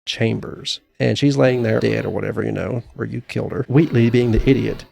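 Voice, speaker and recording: A man's voice: mid-range voice, steady tone, a little fast, gravelly, a little mellow. A man co-hosting a podcast, casually retelling things in a rambling way with fillers and restarts. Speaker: podcast co-host. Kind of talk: casual chat.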